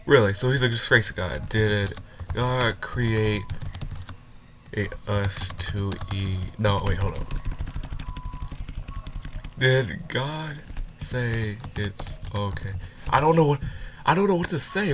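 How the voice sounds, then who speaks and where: A man's voice: lowish voice, slow, pauses often, slight background noise. A young man reacting to a clip, heated and swearing, stumbling over his words and sounding upset after crying. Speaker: reaction video host. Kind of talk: reaction commentary.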